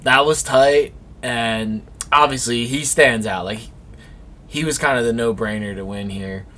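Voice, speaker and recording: A young man co-hosting a casual motorsport recap, slangy and excitable, swearing and telling stories with animated energy. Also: mid-range voice, unhurried. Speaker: co-host. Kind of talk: casual recap commentary over race footage.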